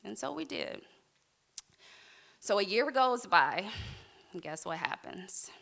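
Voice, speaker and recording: Bright-voiced woman telling a personal story. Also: medium pitch, sing-song, takes it slowly, gravelly. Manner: heartfelt and candid with wry humor. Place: live storytelling stage.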